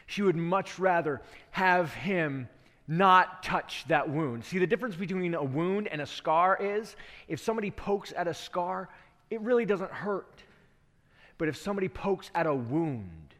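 A man's voice: fairly high pitch, a bit bright, in a large hall. A male preacher delivering an earnest sermon that tells a story and asks rhetorical questions, in a church.

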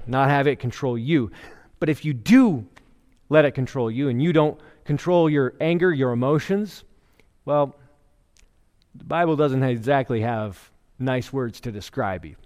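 A middle-aged man preaching a sermon in a relaxed, conversational way, telling jokes and stories to make his points. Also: medium pitch. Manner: conversational preaching with joke storytelling. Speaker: pastor. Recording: long hall reverb.

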